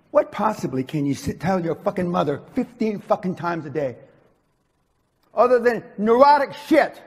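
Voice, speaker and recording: A man giving an aggressive, profane seminar rant, berating his audience and shouting often. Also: high-pitched, very animated, moderate pace, breathy edge. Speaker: business seminar speaker.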